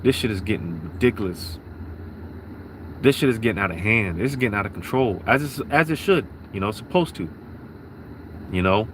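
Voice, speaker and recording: A man's voice: lowish voice, expressive, a little fast, pauses often, slight background noise. Rambling man talking in a car. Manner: rambling, heavy fillers, repeats phrases. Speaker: religious talk host. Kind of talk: casual religious monologue. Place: parked car.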